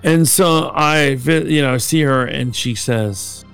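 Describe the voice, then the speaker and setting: A man's voice: mid-range voice, takes it slowly, a bit bright, clean tone, faint music behind. A man co-hosting a podcast, telling rambling stories in casual chat and swearing freely. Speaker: podcast co-host.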